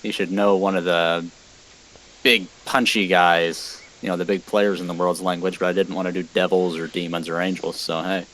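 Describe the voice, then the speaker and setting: A man with a low, deep voice, chatting casually as a player at a tabletop game. He talks in an easygoing way and explains his choices as he goes. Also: level tone, moderate pace, fairly bright tone, slight background noise, rough recording.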